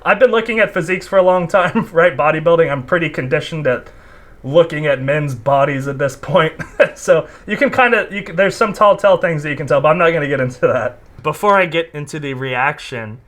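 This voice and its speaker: A man's voice: a little high, brisk, a bit bright. A man hosting a casual reaction commentary, talking bluntly and sarcastically and swearing freely. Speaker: commentary host.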